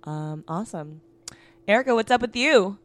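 A woman's voice: medium pitch, lively intonation, normal speed. A woman co-hosting a podcast in frank, casual chat, leading the conversation. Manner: frank, chatty, leads the conversation. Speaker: podcast co-host.

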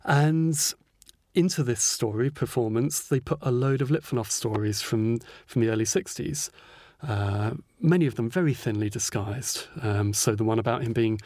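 A man's voice: medium pitch, moderate pace, darkish tone, no room sound. A man, an author interviewed as a guest, talking thoughtfully with many hesitations. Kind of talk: podcast interview.

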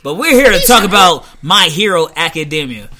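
Bright, animated man in his thirties. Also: fairly high pitch, fairly quick. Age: 30s. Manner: loud, animated, laughs often, swears freely. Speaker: podcast host. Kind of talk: casual podcast chat.

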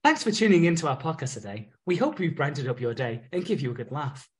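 A man's voice: on the high side, big pitch swings, fast talker, breathy edge. A man voicing a cheery male chatbot that reads out a podcast sign-off in an upbeat scripted way. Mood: chirpy. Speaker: podcast co-host.

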